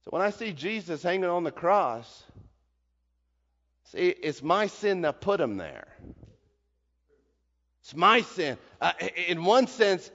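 High-voiced emphatic male preacher. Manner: emphatic, swings from hushed to shouting. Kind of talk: sermon. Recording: dull reverberant hall recording.

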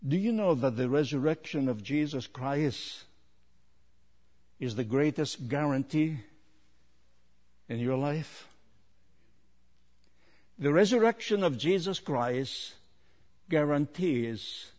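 A man preaching a sermon, rising to loud emphatic peaks and dropping low, with repeated rhetorical questions. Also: slightly rough. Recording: long hall reverb.

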